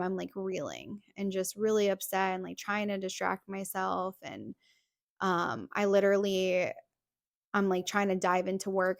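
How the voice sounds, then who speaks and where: A woman's voice: mid-range voice, creaky, no room sound, studio quality. A young woman hosting a podcast, telling a personal story in a casual, chatty way full of "like" fillers. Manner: chatty, heavy use of "like" fillers. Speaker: podcast host.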